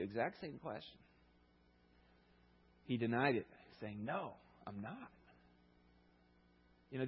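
A male pastor preaches a sermon, telling stories in a conversational, animated way. His voice is medium-pitched and slightly rough, heard through a dull, lo-fi recording.

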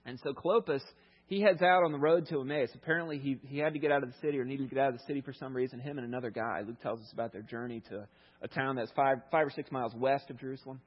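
A man's voice: medium pitch, fast, slightly rough, lo-fi sound. A man preacher giving a sermon, retelling a Bible story in a conversational way with lots of asides.

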